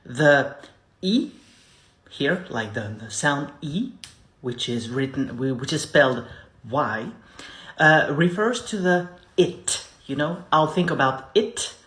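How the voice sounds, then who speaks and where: A man teaching a beginner language lesson, explaining casually and repeating each phrase slowly for practice. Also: on the high side, expressive, fairly bright tone, roomy sound. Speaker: French teacher.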